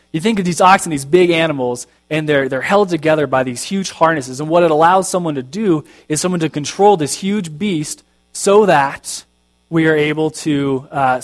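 A man preaches to his congregation in a relaxed, conversational way, reading passages aloud and joking at his own expense. His voice sits a little higher than most men's. A faint electrical hum runs under the recording. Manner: conversational, self-deprecating humor, reads scripture aloud. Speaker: pastor. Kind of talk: sermon.

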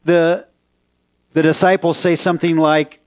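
A pastor preaching a conversational sermon in a church, turning to the congregation with questions. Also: male voice, on the high side, level tone, a little slow.

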